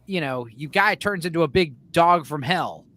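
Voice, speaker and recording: A man talking in a casual podcast chat, excitable and profane, acting out scenes with growls and shouts. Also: fairly high pitch, normal speed, no echo. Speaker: podcast co-host.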